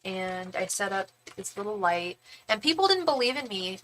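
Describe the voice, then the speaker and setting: A woman's voice: medium pitch, lively intonation, normal speed, a bit bright. A young woman hosting a live-stream, chatting casually and rambling with many restarts. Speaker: tarot reader livestream host.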